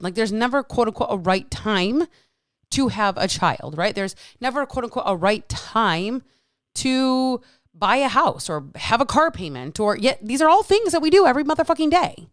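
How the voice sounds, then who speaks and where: A woman's voice: on the high side, lively intonation, moderate pace, no room sound, studio quality. A woman in her thirties, a fitness coach hosting her own podcast, ranting bluntly and with lots of swearing, exasperated. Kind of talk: solo podcast rant.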